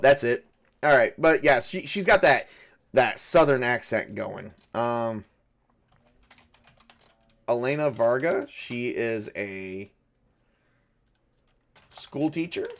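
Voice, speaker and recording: A man running a solo tabletop game, thinking aloud in a rambling, self-correcting way. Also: medium pitch. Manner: rambling, self-correcting, chuckles at own jokes. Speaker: game master.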